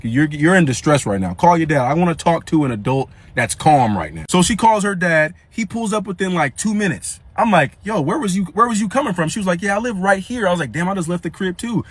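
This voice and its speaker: A young man tells a story in a casual, slangy way, acting out each line of dialogue. His voice sits high. It is recorded dry and close. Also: brisk, hardly any pauses, husky, no echo. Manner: slangy, animated retelling with quoted dialogue.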